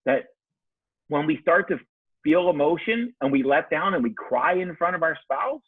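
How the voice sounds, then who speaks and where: Brief: earnest male coach guest, husky voice, tinny phone-line sound. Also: fairly high pitch, animated, normal speed, no echo. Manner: earnest, heartfelt, frequent restarts. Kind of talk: podcast interview.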